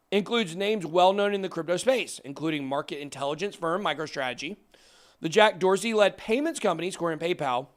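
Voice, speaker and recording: A man hosting a crypto talk show, emphatic and excitable, ranting into the camera. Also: high voice. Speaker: crypto channel host. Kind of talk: fired-up casual talk on camera.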